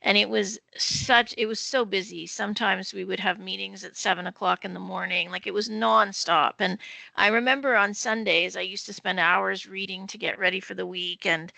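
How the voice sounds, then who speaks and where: Woman panelist, strongly gravelly, bright edge, candid storyteller, dry close sound. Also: mid-range voice, fairly even intonation, moderate pace, dry recording, low-quality recording. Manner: candid, anecdotal, warm toward colleagues. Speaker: panelist, senior government official. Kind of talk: panel discussion. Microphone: video call.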